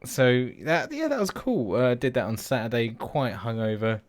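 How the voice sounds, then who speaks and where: A man's voice: medium pitch, lively intonation, moderate pace. A man in his thirties co-hosting a podcast, rambling casually with plenty of swearing and laughs. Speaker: podcast co-host. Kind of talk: casual chat.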